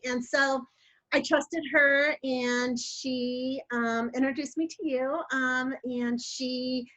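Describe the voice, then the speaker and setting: A woman's voice: high voice, steady tone, takes it slowly, fairly bright tone. An older woman, her voice affected by allergies, telling her story in a chatty, rambling way with many fillers. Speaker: coaching client. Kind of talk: casual interview storytelling.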